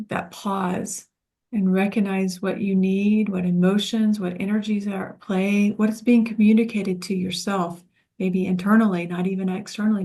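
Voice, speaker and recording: A woman leading a spiritual self-help class, speaking in a gentle, soothing, reflective way. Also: medium pitch. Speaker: course facilitator.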